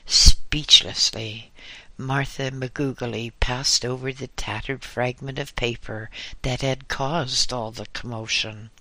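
A man narrating a humorous story in a deliberate, wry reading. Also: medium pitch, flat delivery, bright, forceful tone, no echo.

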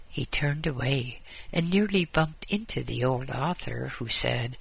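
A man narrating a whimsical story in a wry, unhurried manner. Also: mid-range voice, animated, gravelly, fairly bright tone, husky, no room sound. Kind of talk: storytelling reading.

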